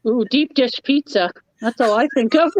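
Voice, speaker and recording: A woman chatting as a guest in a casual live chat, playful and quick to laugh. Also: a little high, dry recording, poor audio.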